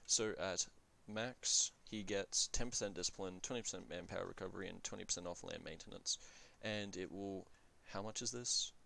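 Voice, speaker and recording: A man's voice: low-pitched, normal speed, gravelly, few pauses, sharp tone. A man giving casual commentary on a strategy game, thinking aloud and often correcting himself mid-sentence with fillers. He talks in an offhand, blunt way and swears now and then.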